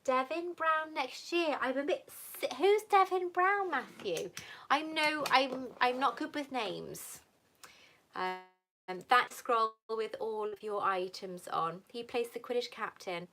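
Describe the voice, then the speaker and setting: A woman's voice: high-pitched, expressive, slow pace, pushed and bright, a little hiss or hum. Chatty gushing woman on a livestream. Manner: chatty and gushing, calls viewers "lover" and "sweetheart". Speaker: livestream host answering viewer questions. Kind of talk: casual live Q&A chat.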